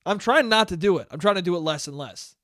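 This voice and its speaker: A man's voice: sits high, lively intonation, quick pace, fairly bright tone, no room sound, clean studio sound. A young man hosting a solo podcast in a casual, rambling, profane and self-deprecating way. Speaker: podcast host.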